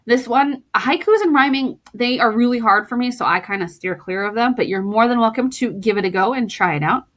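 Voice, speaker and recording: A woman teacher records a lesson for her students, reading poems aloud and explaining them in a playful, warm way. Her fairly high voice is expressive and brisk.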